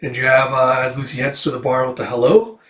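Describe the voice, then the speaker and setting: A man's voice: medium pitch, flat delivery, brisk, fairly bright tone, roomy sound. A man casually retelling a comic book, rambling loosely and packed with fillers. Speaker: comic book reader and reviewer. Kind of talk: casual comic read-through.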